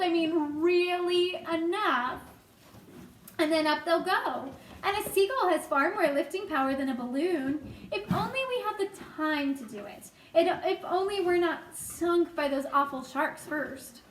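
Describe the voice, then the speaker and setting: Earnest storybook boy, read by a woman; steady explaining, high pitch, echoey room. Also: normal speed, recorded from a distance, a little hiss or hum. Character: young boy James, clever and earnest.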